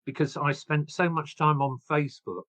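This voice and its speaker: A man in his sixties, an author guest, telling his story in an animated, chatty way and laughing at himself. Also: fairly high pitch, normal speed, highs cut off. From England. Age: 60s. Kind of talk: casual interview chat.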